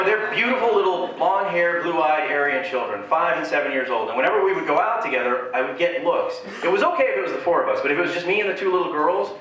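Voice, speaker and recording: A man's voice: on the high side, sharp tone, slight background noise. A man doing a stand-up comedy set on stage, telling a story and acting out the voices of the people in it. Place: live venue on stage. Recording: very echoey live venue, distant mic.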